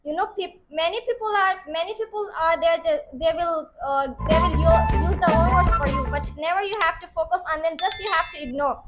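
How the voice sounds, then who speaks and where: Very high-voiced woman, earnest. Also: a little fast, few pauses, music in the background. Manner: earnest, repetitive, advising. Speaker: former student, now teacher. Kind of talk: motivational talk.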